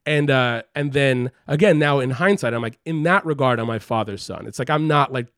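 A man telling a personal story in casual conversation, rambling and swearing, full of "like" and animated quotes. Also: mid-range voice, brisk, dry recording, studio quality. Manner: rambling, heavy use of "like" and profanity, animated quoting.

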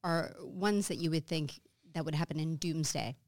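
A woman's voice: low-pitched, moderate pace, a little mellow, dry recording, clean studio sound. A woman, a confidence mentor, answering interview questions in an upbeat, encouraging way. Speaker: guest expert, confidence mentor.

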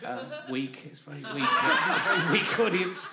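A London man hosts a live comedy podcast at a festival, his slightly high voice animated yet a little slow, with heavy background noise. He rambles chattily to the audience and laughs through many lines, in a roomy live setting.

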